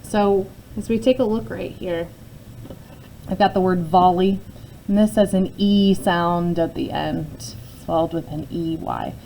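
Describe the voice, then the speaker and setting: A woman's voice: fairly low pitch, unhurried, gravelly, dark tone, slight background noise, poor audio. Patient woman teaching a phonics lesson. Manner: patient, explains step by step with frequent "okay?" check-ins. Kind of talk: phonics lesson, talking through a word sort.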